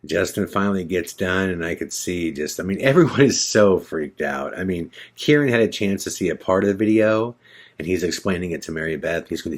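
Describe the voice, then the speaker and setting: A man's voice: sits low, brisk. A man hosting a podcast, retelling a tense night with dramatic repetition and suspense. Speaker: podcast host. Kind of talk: storytelling podcast narration.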